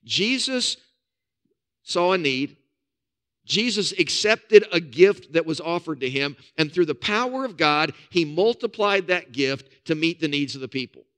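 A male pastor gives a sermon in a relaxed, folksy storytelling way. His voice sits fairly high for a man, and he sprinkles in casual asides. On key points he goes quiet and low. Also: measured pace.

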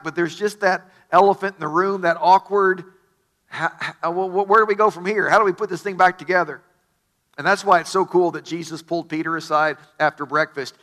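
A middle-aged male pastor preaches with eager, storytelling energy, often doubling words as he restarts. His voice sits high for a man and rings bright and forceful. It is a warm-hearted sermon delivery. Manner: enthusiastic storytelling with stammered restarts.

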